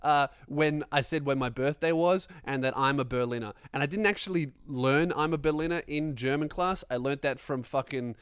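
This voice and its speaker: A young man hosting a comedy podcast, ranting in an animated, profane, self-mocking monologue. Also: a little high, moderate pace, few pauses, smooth, no echo, clean studio sound.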